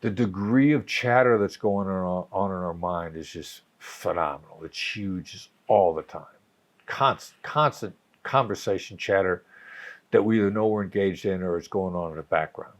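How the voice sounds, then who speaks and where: Low-voiced man explaining calmly. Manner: measured, repeats and restarts phrases. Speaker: guest, negotiation coach. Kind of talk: conversational explaining.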